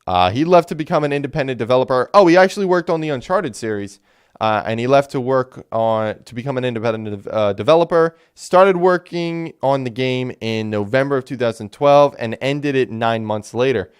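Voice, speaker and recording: Guy rambling on his gaming podcast, smooth clear voice, medium pitch, lots of ums and restarts. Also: brisk. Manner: rambling, animated, many fillers and restarts. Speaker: podcast host. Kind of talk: casual solo game talk.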